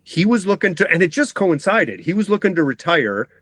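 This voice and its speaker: A man's voice: sits high, big pitch swings, a little fast, fairly bright tone, slightly rough, dry recording. A middle-aged man talking as a cartoonist guest in a casual interview, rambling, often breaking off mid-sentence and laughing. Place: home basement.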